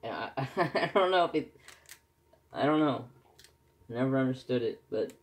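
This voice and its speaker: A man's voice: medium pitch, expressive, normal speed. A man, chatting casually and rambling as he answers questions for his crafting vlog. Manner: rambling, folksy, self-correcting. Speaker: crafting vlogger. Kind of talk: casual chat.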